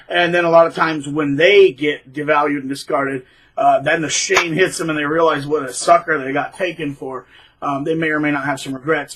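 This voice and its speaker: A man talks straight to his viewers in a loose, rambling monologue, stumbling over repeated words and filling gaps with ums. His voice is fairly high and husky, with a bright, tense edge. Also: rough recording. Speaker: channel host. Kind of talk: casual monologue to camera.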